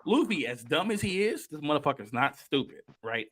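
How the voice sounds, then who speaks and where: A man hosting a casual podcast, talking excitably and emphatically with plenty of cursing. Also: a little high, a little fast. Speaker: podcast host.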